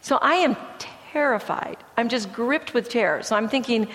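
A middle-aged woman from Michigan, a therapist, giving an animated personal testimony talk at a church event and softening her voice for serious asides. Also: on the high side, normal speed, hardly any pauses. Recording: long hall reverb.

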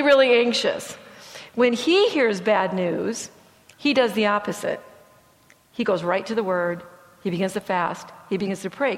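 Middle-aged woman, therapist telling her story, animated, softens for serious points, mid pitch, long hall reverb. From Michigan. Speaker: therapist speaking at a church event. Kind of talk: personal testimony talk.

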